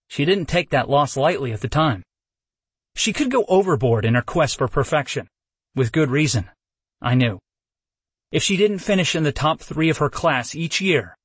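A man reading a first-person story aloud in a calm, measured storytelling voice. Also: on the high side, husky, dry recording. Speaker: audiobook narrator. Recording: dry close studio sound.

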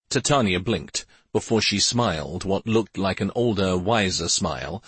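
Low, husky male audiobook narrator. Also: normal speed, fairly bright tone, no echo. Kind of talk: scripted fantasy narration.

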